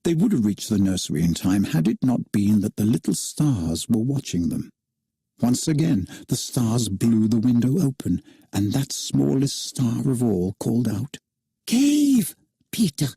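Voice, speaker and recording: A man narrating a children's storybook aloud in an expressive, animated reading style. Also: medium pitch, normal speed, gravelly, husky, no room sound, studio quality.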